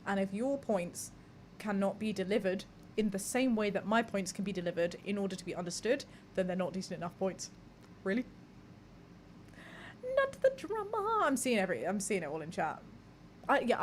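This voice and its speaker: A woman's voice: mid-range voice, fast talker, slight background noise. A young woman hosting a live podcast, chatting candidly with her audience, reading messages aloud and swearing casually. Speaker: podcast host. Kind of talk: casual live-stream chat.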